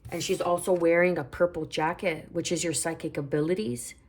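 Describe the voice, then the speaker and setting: Low-voiced woman giving a tarot reading. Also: steady tone, fairly quick. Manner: soothing, reflective, repeats phrases, pulls cards aloud. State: hiccuping. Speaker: tarot reader.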